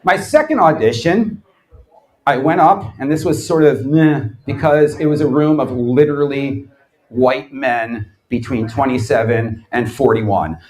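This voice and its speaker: A man in his thirties giving a comedic live lecture, sardonic and animated, acting out quotes in his stories. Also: medium pitch, measured pace, low-quality recording. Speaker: lecturer, former quiz show champion. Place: bar event space before a live audience.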